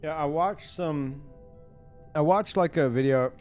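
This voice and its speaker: A man streamer chatting casually to his viewers, rambling with lots of fillers and restarts, soft music behind him. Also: fairly high pitch, a little slow.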